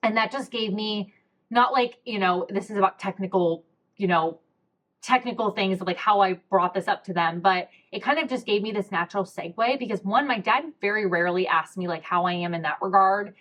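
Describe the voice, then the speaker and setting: A young woman talks through a heartfelt personal story on her podcast. Her voice sits at an ordinary middle pitch, and she speaks candidly with lots of "like" and "um" as her emotion rises near tears. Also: fairly quick, fairly bright tone. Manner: emotional, candid, many fillers like "like" and "um". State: close to tears. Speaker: podcast host.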